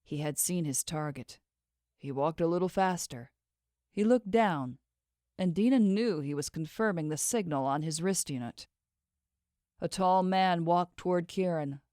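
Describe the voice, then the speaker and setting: Woman reading a novel, slow and lively, super dry recording. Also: fairly low pitch, no room sound. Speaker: audiobook narrator. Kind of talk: scripted narration.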